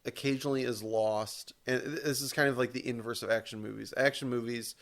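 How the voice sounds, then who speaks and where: A man's voice: mid-range voice, fairly even intonation, a little fast. A man co-hosting a podcast in casual chat, rambling and correcting himself as he goes, with the odd casual swear. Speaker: podcast co-host.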